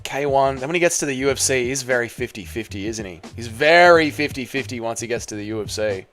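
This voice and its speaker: A man's voice: medium pitch, lively intonation, fast talker, fairly bright tone, faint music behind. A man with an Australian accent who streams live, chatting casually with his viewers and swearing freely. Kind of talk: casual livestream reaction chat.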